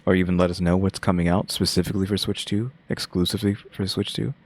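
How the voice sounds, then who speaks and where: A young man hosting his own channel, giving laid-back, monotone reaction commentary. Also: low voice, fast, no echo. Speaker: channel host reacting to a game showcase.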